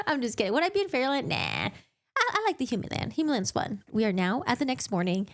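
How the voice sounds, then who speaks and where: A woman's voice: on the high side, huge pitch swings, quick pace. A woman giving a casual, chatty book recap full of joking asides.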